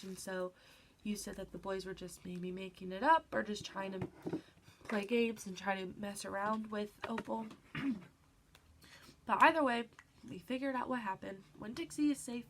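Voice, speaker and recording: A woman's voice: mid-range voice, a bit bright, a little hiss or hum. A woman teacher with a stuffy nose, patiently guiding children through a reading lesson and checking in with them often. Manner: patient, encouraging, frequent "all right" check-ins.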